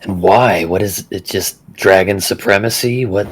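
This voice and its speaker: A man's voice: sits low, measured pace, husky, rough recording. A man playing a tabletop role-playing game, talking in a wry, joking way. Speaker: player. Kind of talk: casual tabletop game play.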